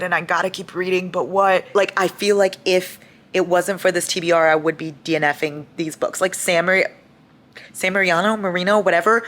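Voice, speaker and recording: A young woman vlogging about her reading, chatty and animated, swearing freely as she rants. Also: on the low side. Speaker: book vlogger. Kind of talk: casual reading vlog chat.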